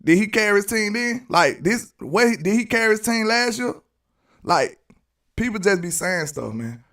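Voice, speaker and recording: A man's voice: sits high, lively intonation, normal speed, fairly bright tone, far from the mic. A man with a Southern US accent hosting live sports commentary, arguing emphatically and repeating his points. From Alabama, US. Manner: argumentative and emphatic, repeats phrases. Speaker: sports channel host.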